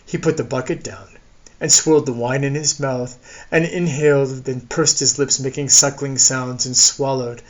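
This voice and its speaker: A man's voice: medium pitch, steady tone, moderate pace. A man reading a novel aloud as narrator in a wry storytelling manner. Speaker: audiobook narrator. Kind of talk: scripted narration.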